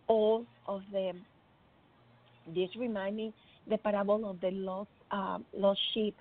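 A woman's voice: medium pitch, flat delivery, takes it slowly, no echo. A woman telling an emotional faith testimony in an earnest way, acting out the voices she quotes. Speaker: speaker sharing a personal faith testimony. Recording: tinny phone-like dry sound.

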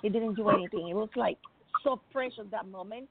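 Gravelly woman giving a fervent testimony. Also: medium pitch, brisk. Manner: earnest, fervent, with frequent restarts and quoted dialogue. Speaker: Christian testimony speaker. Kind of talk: personal testimony storytelling. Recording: tinny phone-like recording.

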